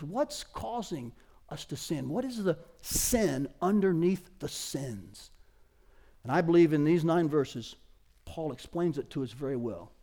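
Emphatic high-voiced male pastor preaching. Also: a little mellow. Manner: emphatic, rising in pitch and volume on key points, slowing to stress words. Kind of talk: sermon.

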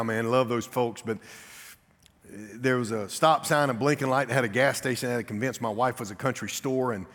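A middle-aged man preaching a sermon, telling a personal story with big swings from loud to hushed. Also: mid-range voice. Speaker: guest preacher. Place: church sanctuary. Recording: reverberant church hall.

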